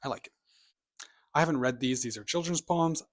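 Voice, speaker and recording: A man's voice: mid-range voice, brisk. A man chats casually through his bookshelf in a mid-range voice. He is opinionated and rambling, tossing in offhand asides and sometimes dropping to a mutter for side remarks. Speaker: booktube vlogger.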